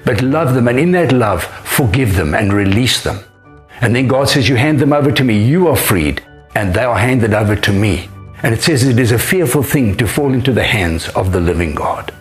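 Older pastor, lively emphatic delivery. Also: male voice, mid-range voice, normal speed, faint music behind. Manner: emphatic, rising on key phrases. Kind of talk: sermon.

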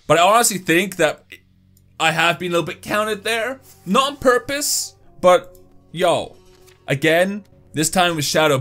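A young man talks through his mobile game matches with a fairly high voice, getting hyped one moment and grumbling the next. He swears freely when things go wrong. Faint music plays behind him. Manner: excitable, swings between hype and grumbling, swears. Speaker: gaming YouTuber. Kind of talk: gameplay commentary.

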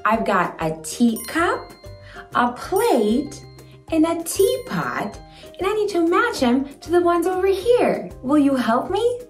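A young woman hosting a toddler video speaks slowly in a lilting, high voice. She praises every answer warmly and exaggerates each word. Her voice carries a little echo, with soft music behind. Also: sing-song, far from the mic. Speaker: children's video host. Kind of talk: slow, sing-song teaching for toddlers.

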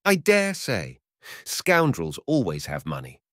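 A man's voice: on the low side, big pitch swings, moderate pace, no room sound, clean studio sound, pitched above the performer's own voice. A man voicing an angry young male hunter who scolds and threatens. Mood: scornful.

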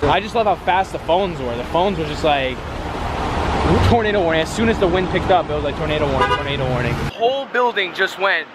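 Animated young man telling a story. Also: high-pitched, fairly quick, few pauses, heavy background noise. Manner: animated, swearing, exaggerating. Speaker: vlogger. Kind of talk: excited storytelling vlog.

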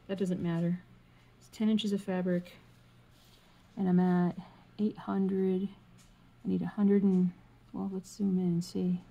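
Her voice mid-range, creaky, husky, and warm, a woman talks casually while she cross stitches on a vlog. She rambles, thinks out loud, and hums and mutters to herself.

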